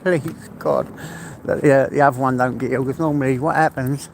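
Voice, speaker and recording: A man's voice: mid-range voice, steady tone, brisk, vocal fry, slight background noise, poor audio. An older man, chatting casually and heartfelt on a live stream, rambling and laughing often. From England.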